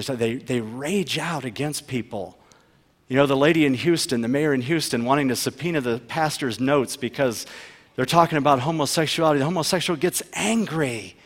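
A man preaching a sermon as pastor, emphatic, asking rhetorical questions and swinging between loud and soft delivery. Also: mid-range voice. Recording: long reverb of a large hall.

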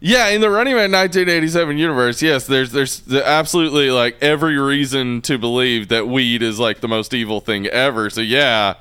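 A man's voice: medium pitch, a little fast, hardly any pauses, sharp tone, clear, resonant tone. A man co-hosting a casual movie podcast, joking and laughing as he riffs. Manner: laughing, joking, puts on voices for quips. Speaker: podcast co-host.

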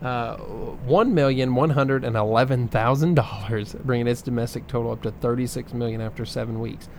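A man's voice: medium pitch, fairly even intonation, normal speed, slight background noise. A man co-hosting a casual podcast, running through figures with plenty of ums and uhs. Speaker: podcast co-host reading box office numbers. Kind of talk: casual chat.

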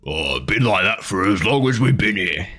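A man's voice: low-pitched, sing-song, moderate pace, creaky, pushed and bright, exaggerated voice. A man voicing a dim two-headed giant whose heads bicker with each other. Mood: chatty.

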